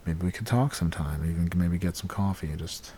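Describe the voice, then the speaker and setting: A lonely, sappy ex-boyfriend pleads down the phone in a low, soft, hushed voice, as a man acts him out. His pitch sits deep and his words come slowly and tenderly. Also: slight background noise, lightly acted. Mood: pleading. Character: sappy lonely ex-boyfriend calling an old flame.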